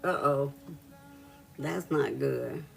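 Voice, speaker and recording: A woman's voice: a bass voice, extremely slow, gravelly, soft background music. A woman hosting a reiki live stream, telling a story in a casual chat with viewers, laughing often and greeting them by name.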